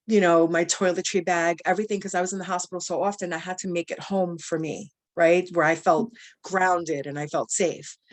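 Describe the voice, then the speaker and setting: Young adult woman, lower pitch, casual storyteller with lots of fillers. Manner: animated, many fillers, quotes people in dialogue. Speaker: cancer survivor guest. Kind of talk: personal storytelling.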